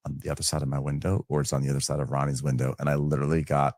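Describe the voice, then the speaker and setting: A man co-hosting a casual recap podcast from home, animated and quick to mimic people in high mocking voices. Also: no room sound. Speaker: podcast co-host. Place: home room.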